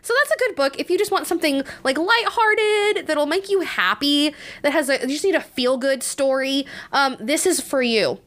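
A woman's voice: sits high, animated, fairly quick, hardly any pauses, fairly bright tone. A young woman hosting a casual book review podcast, chatty and congested, with many fillers and restarts and frequent laughter. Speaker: podcast host.

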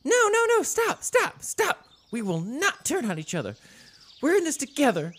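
A man doing a squeaky pleading rabbit lady. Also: wildly swooping pitch, normal speed, a bit bright, heavily acted. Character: frantic high-pitched female rabbit cook.

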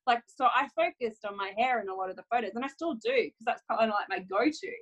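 A young adult woman photographer talking casually, lively and often acting out quoted self-talk with laughs. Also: fairly high pitch, quick pace, few pauses, husky, lo-fi sound. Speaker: photographer guest. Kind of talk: casual conversational chat.

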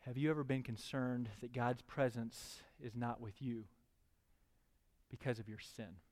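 A man's voice: medium pitch, fairly even intonation, unhurried, a little mellow, long reverb tail. A man preaching a sermon, reading scripture aloud and pressing his listeners with questions. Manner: reads scripture, then preaches with rising fervor.

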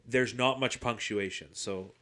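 A man's voice: mid-range voice, measured pace. A man co-hosting a casual sports podcast, joking, swearing and laughing. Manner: jokey, swears, laughs loudly. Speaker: podcast co-host.

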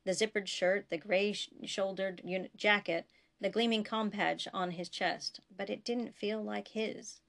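A woman reads her own science fiction story aloud in a steady, unhurried voice. Her tone sits at a middle pitch with a noticeable gravelly, creaky grain. It is plain audiobook narration.

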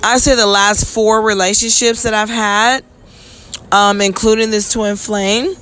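Her medium-pitched voice is steady and fairly bright, and she speaks at a measured pace. Hosting her own podcast, the woman rambles bluntly and profanely in a casual monologue, yawning often.

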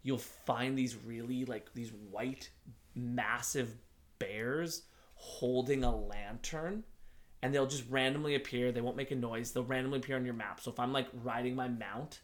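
A man co-hosting a casual game review podcast, talking in a rambling, animated way with lots of filler words and casual swearing. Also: mid-range voice, unhurried. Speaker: podcast co-host.

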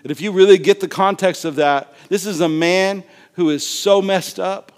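Animated high-voiced preacher man. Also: normal speed. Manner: animated, acts out Bible scenes with voices and laughter. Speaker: pastor. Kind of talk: sermon.

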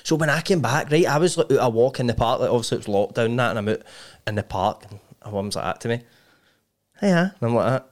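A man's voice: medium pitch, racing. A man with a Scottish accent hosting a podcast, asking loose, rambling questions full of fillers. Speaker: podcast host. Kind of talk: casual chat.

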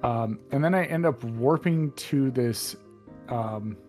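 A man's voice: medium pitch, slow pace, darkish tone, soft background music. Rambling young man recapping a game. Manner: rambling, many fillers and restarts. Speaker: podcast co-host. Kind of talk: casual chat.

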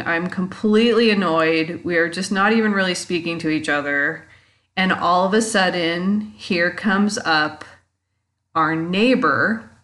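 Woman podcast host, low-ish register, chatty storyteller who acts out quotes. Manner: chatty, warm-hearted, acts out quotes with big pitch jumps. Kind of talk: personal storytelling monologue.

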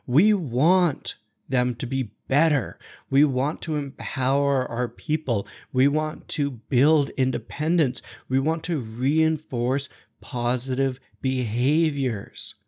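Male podcast host, blunt and profane, mid-pitched voice, animated storytelling delivery. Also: slow. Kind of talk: blunt monologue on management.

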